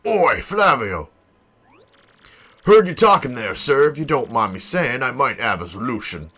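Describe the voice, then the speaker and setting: A man voicing an eager pirate deckhand who talks in rough, slangy sailor speech. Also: medium pitch, very animated, measured pace, sharp tone, full character voice.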